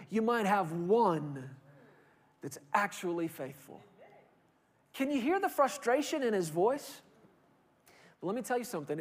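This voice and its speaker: A man preaching a sermon, emphatic, swinging from loud declarations to hushed, quiet lines. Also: high-pitched. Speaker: pastor.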